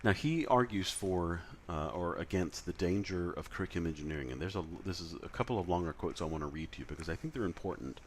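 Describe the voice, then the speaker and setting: A man's voice: sits low, expressive, fast, few pauses, slight background noise. A man lecturing in a conversational way, with frequent fillers and self-corrections. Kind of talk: recorded lecture.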